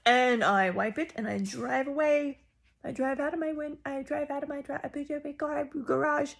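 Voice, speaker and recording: A young woman chatting into her phone camera, telling a long story with rambling asides. Her voice sits a bit high, and her lines jump up in pitch and volume whenever she acts out what she said. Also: normal speed. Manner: animated and rambling, with sudden loud jumps when quoting herself. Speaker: vlogger.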